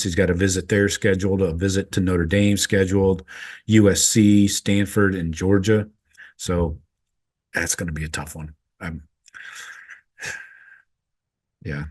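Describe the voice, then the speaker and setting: Low-voiced man hosting a casual sports podcast. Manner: rambling, offhand, wry asides with frequent ums. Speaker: podcast host. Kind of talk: casual recruiting update.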